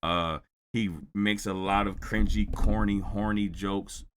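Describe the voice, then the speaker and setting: A man's voice: lowish voice, level tone, measured pace, slight background noise. A man hosting a reaction channel, recapping a video in a rambling, sarcastic way. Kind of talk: reaction commentary.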